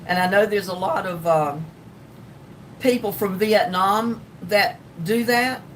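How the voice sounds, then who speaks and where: An older woman with a Southern North Carolina drawl hosts a casual livestream, rambling along in a folksy way with plenty of ums. Her voice sits at an ordinary pitch and is picked up from a little way off the mic, with a faint rumble underneath. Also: takes it slowly, distant mic, low-quality recording. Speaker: livestream host. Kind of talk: casual livestream chat reading comments.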